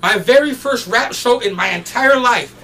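Animated high-voiced man telling wild stories. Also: moderate pace, recorded from a distance. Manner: animated, loud bursts when retelling, heavy slang and swearing. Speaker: podcast guest. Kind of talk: casual storytelling.

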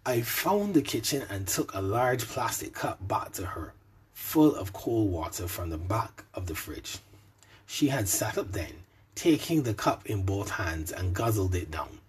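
A man narrating an adult story in a soft, intimate way, sometimes dropping to a whisper. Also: lowish voice, very animated, measured pace, husky.

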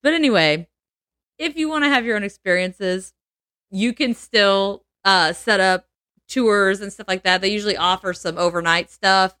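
A young adult woman on a casual podcast, telling a story in an animated way and acting out what people said. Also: medium pitch, normal speed, no room sound, clean studio sound. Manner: animated, laughs often, acts out quotes. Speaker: podcast co-host.

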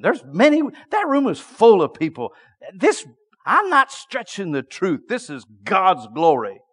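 A middle-aged male preacher telling a story in a sermon, dropping to a hush and then shouting. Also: fairly high pitch, moderate pace. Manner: lively storytelling that swings from hushed to shouting.

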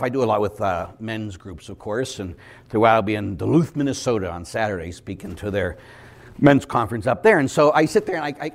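A middle-aged man preaching as a priest, telling stories and acting out other people's voices, sometimes shouting for emphasis. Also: mid-range voice. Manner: animated storyteller who acts out voices and shouts for emphasis. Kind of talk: lively preaching with acted dialogue.

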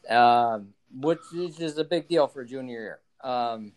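A podcast co-host from Illinois rambles through a story in casual chat, his medium-pitched voice unhurried. He uses lots of fillers and restarts.

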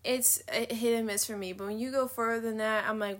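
A woman's voice: a little high, fairly even intonation, fairly quick. A young woman venting in a casual confessional vlog, candid, slangy and profane, trailing off mid-thought and laughing often. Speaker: vlogger.

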